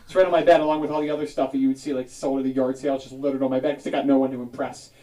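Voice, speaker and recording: Fast-talking self-mocking comic man. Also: medium pitch, recorded from a distance. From South New Jersey. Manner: animated, self-deprecating, acts out other people. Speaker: stand-up comedian. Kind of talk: stand-up comedy set.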